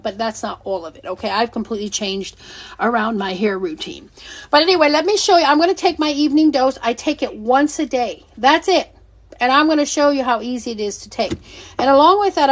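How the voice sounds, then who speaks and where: A middle-aged woman hosting a casual livestream, talking bluntly and animatedly, swearing freely and laughing often. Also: on the high side. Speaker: livestream seller and host.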